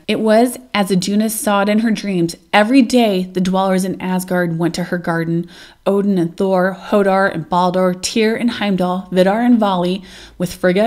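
A woman reading an old myth aloud as a narrator, gentle and measured. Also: fairly low pitch. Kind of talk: storybook read-aloud narration.

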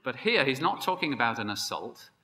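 A man preaching a sermon, emphatic and building to excited peaks. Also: medium pitch, fairly quick. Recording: long hall reverb.

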